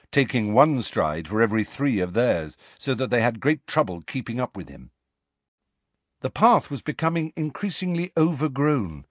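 A man reading a storybook aloud in a measured, expressive narration. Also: mid-range voice, dry recording. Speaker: audiobook narrator.

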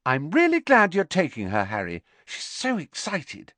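A man's voice: fairly high pitch, wildly swooping pitch, moderate pace, a bit bright, dry recording, voice pushed up. A man voicing a teenage girl who snaps sharply but speaks kindly. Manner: snapping, then kind.

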